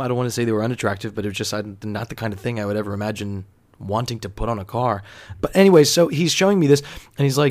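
Male podcast host, rambling profane storyteller with many fillers. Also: medium pitch. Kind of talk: casual storytelling monologue.

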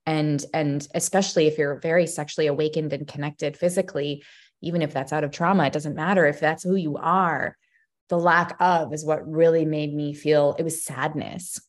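A young woman talking as a podcast guest, expressive and a bit scattered, often restarting her sentences. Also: sits low, moderate pace. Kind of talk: emotional personal conversation.

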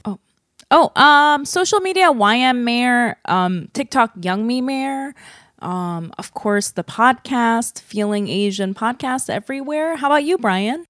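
A woman co-hosting a podcast in casual chat, lively and rambling with playful asides. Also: on the high side, measured pace, no room sound, clean studio sound. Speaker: podcast co-host.

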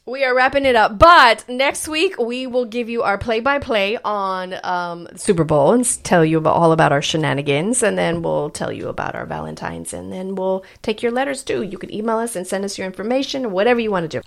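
Woman podcast cohost, blunt and animated, tosses in spanish words, mid pitch. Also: fairly quick, vocal fry, few pauses. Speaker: podcast co-host. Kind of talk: casual storytelling chat.

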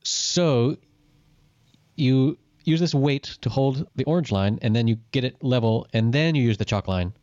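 A man chatting casually with a friend over a call, dropping quick jokes and puns. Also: mid-range voice, darkish tone, dry recording, lo-fi sound. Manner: wisecracking, quick interjections.

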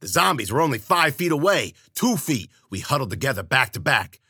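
Male storyteller, tough-guy slang, lively pitch, bright clear tone, dry close mic. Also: fairly quick, dry recording. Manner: tough-guy slang, wry asides to the listener. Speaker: storyteller and podcast host. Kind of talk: first-person hardboiled storytelling.

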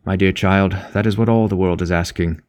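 A man voicing a young, ambitious male politician who speaks in a quiet, clipped and subdued way in an audiobook. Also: deep voice, steady tone, fairly quick, natural voice.

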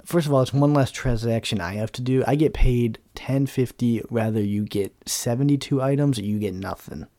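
A man's voice: medium pitch, moderate pace, hardly any pauses, dark tone, no echo. A young man hosting a talk show, ranting casually in a blunt, sarcastic and profane way, rambling with lots of fillers. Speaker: podcast host.

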